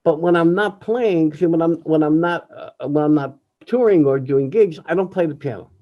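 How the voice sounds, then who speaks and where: An older man, a jazz pianist, speaking candidly over a video call in an emotional, reflective way, often halting and restarting. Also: fairly high pitch, highs cut off. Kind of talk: candid personal talk.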